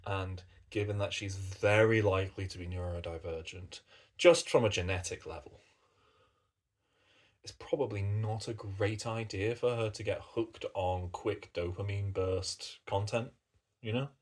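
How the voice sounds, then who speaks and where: A man's voice: lowish voice, a little slow. A British man chatting casually as a coffee reviewer, rambling along and swearing in passing. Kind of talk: casual chat.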